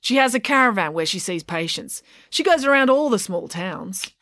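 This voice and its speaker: A woman's voice: medium pitch, animated, moderate pace, fairly bright tone, no room sound, studio quality. A woman voicing a blunt, matter-of-fact small-town constable.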